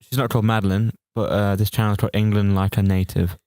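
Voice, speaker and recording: A man's voice: lowish voice, flat delivery, fast talker, darkish tone, clear, resonant tone, dry recording. A man co-hosting a podcast in an easygoing, self-deprecating manner. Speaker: podcast co-host. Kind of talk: casual chat.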